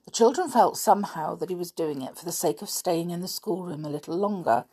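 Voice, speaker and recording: A woman reading a children's adventure book aloud as a podcast storyteller, with slow, expressive narration. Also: lowish voice, slightly rough.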